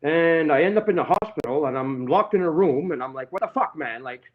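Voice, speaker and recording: A man's voice: fairly high pitch, lively intonation, a little fast, phone-quality sound, slight background noise. A man rambling through a grievance in casual chat, swearing heavily. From Canada. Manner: rambling, heavily profane, aggrieved. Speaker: guest telling his story.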